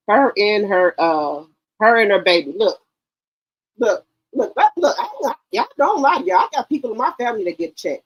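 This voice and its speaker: A woman hosting a live stream, telling stories in an animated, laughing and profane way. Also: medium pitch, normal speed, poor audio. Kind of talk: casual chat on a live stream.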